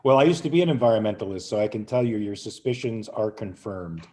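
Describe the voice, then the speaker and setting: A man speaking as a guest on a casual panel show, measured and thoughtful. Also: fairly low pitch, expressive, mellow.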